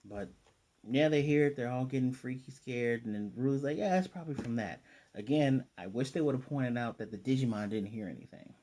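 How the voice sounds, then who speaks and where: Young dude reviewing an episode, casual and rambly, warm low tone, throws in little voiced quotes. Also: male voice, expressive. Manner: rambling, retells scenes with quick voiced asides. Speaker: anime reviewer.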